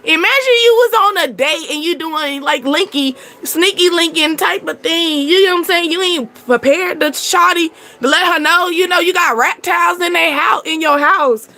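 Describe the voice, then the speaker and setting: Bright high-voiced woman reading tarot. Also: normal speed, hardly any pauses. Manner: chatty, laughing, animated storytelling. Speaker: tarot reader. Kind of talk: casual tarot reading monologue.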